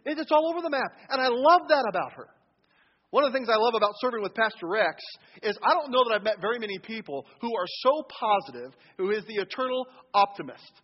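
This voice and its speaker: A man's voice: extremely high pitch, lively intonation, fast. A man preaching a sermon as pastor in a church, humorous and playfully acting out the inner voices of worshippers. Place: church sanctuary. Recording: long hall reverb, dull lo-fi sound.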